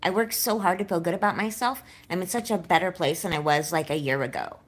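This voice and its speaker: A woman with a slightly low voice talks openly to viewers on a livestream. Her speech has a slight nervous lisp, and she rambles, circling back on her own doubts as she goes. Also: fast talker. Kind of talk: candid livestream chat.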